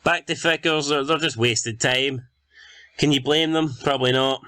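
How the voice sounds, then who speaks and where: A young Scottish man, a gaming YouTuber, gives casual commentary on his football manager game, swearing in exasperation as he calls the action. His medium-pitched voice is bright, forceful, clear and resonant, with fairly even intonation at a moderate pace, in a dry recording.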